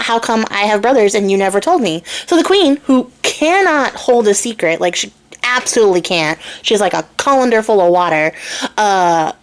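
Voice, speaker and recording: A young woman casually retelling a fairy tale while crafting, chatty and irreverent, swearing and loosely voicing the characters. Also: mid-range voice. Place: home craft room.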